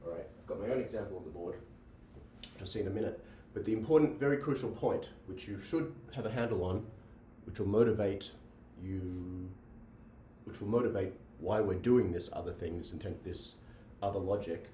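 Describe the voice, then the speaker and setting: Standing before a class with a board, a male lecturer works through logic, circling back over points and asking "right?" along the way. His tone is mellow and a little low, delivered at normal speed. Sound comes from afar in a reverberant room with faint background hum.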